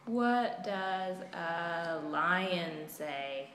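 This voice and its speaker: A woman's voice: on the low side, lively intonation, very slow, fairly bright tone. A mother playfully quizzing her toddler in a home video, asking coaxing sing-song questions. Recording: roomy home recording, faint noise.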